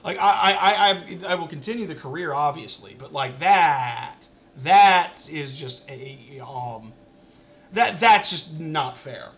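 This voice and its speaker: A man's voice: on the high side, lively intonation, takes it slowly, fairly bright tone. A man streaming a racing management game, talking casually to his chat in an exasperated, ranting way and repeating himself. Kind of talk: casual live-stream commentary.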